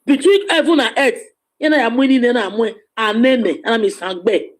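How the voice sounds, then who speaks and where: A Nigerian man in joking casual banter, teasing the others, laughing often and breaking into loud bursts. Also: very high voice, a little fast, slight background noise.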